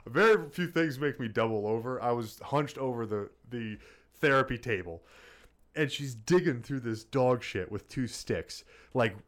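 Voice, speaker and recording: A man co-hosting a casual podcast chat, telling a profane, animated story. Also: medium pitch, measured pace. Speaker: podcast co-host.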